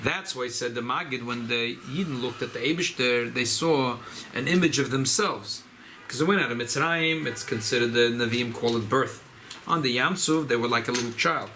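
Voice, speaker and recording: A rabbi, speaking informally at a farbrengen gathering, often repeating and restarting phrases. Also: male voice, medium pitch, moderate pace, hardly any pauses, sharp tone, slight background noise, rough recording. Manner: repetitive, restarts phrases, mixes Yiddish and Hebrew terms. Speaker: rabbi giving a farbrengen talk. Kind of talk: informal Chassidic talk at a gathering.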